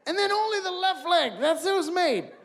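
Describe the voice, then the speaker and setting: High-voiced man doing stand-up. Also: a little fast. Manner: animated, acts out voices and scenes. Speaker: stand-up comedian. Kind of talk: stand-up comedy. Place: auditorium stage before a live audience.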